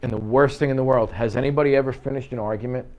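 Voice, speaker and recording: A man's voice: medium pitch, steady tone, rapid-fire, darkish tone, muffled recording. A man training a class of real estate agents in an office, talking in punchy bursts, throwing out rhetorical questions and checking in with "okay?". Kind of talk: live training talk to a class.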